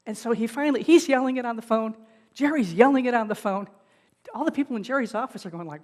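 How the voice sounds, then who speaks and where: A woman pastor preaching a sermon, retelling a film scene in an animated storytelling manner. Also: on the high side, fast talker, long reverb tail. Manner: animated, rising and falling in loudness.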